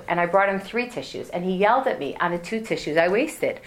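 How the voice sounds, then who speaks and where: A woman's voice: lowish voice, quick pace, few pauses, fairly bright tone. A woman in her forties giving a religious lesson to an audience, telling humorous family stories with many asides. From United States. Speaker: women's class teacher.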